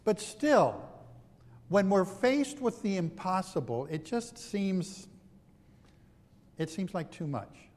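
A man's voice: sits high, lively intonation, slow, long pauses, a little mellow, long reverb tail. A man preaching a sermon in a conversational, self-deprecating storytelling manner.

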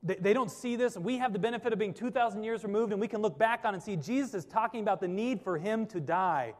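A man's voice: high-pitched, quick pace, in a large hall. A man preaching a sermon as a pastor, earnest and full of rhetorical questions.

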